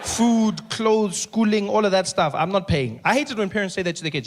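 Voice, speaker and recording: A man with a South African accent doing a stand-up routine on a theater stage, animated and quick to act out other voices. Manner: animated, acts out voices with big pitch jumps. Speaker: stand-up comedian. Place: theater stage before a live audience. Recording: large hall reverb, audience noise.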